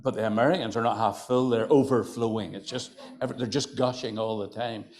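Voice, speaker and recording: A man's voice: medium pitch, fairly even intonation, brisk, a little mellow. Older Antrim man spinning yarns. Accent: County Antrim. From County Antrim, Northern Ireland. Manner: chatty, teasing, lots of "you know". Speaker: folklorist storyteller. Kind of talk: live humorous storytelling. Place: hotel function room.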